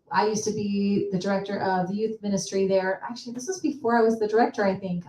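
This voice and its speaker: A woman's voice: mid-range voice, warm tone. A woman co-hosting a casual chat, telling stories in a chatty, laughing way. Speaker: co-host. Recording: roomy, distant mic.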